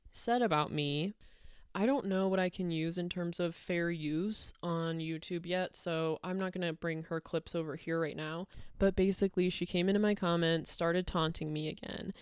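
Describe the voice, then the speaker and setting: A woman's voice: fairly low pitch, fairly even intonation, moderate pace, smooth, dry recording, clean studio sound. A woman delivering a heated, sarcastic rant to camera, blunt and swearing often. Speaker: YouTube commentator.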